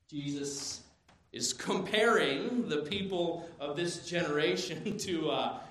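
A man in his thirties preaching a sermon as pastor, animated, moving between quiet asides and loud emphatic bursts. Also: fairly high pitch. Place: church sanctuary. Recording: very echoey church hall.

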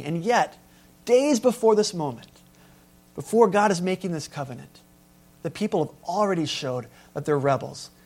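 A man preaching with a high, light voice. He hits key words hard and then falls back to a hush. The sermon moves between force and calm. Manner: emphatic, swings between loud stresses and quiet asides. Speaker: pastor.

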